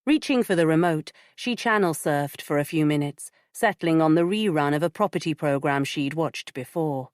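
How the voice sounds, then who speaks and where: Lowish woman narrating an audiobook. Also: moderate pace, hardly any pauses, a little mellow, no room sound, studio quality. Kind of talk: scripted narration.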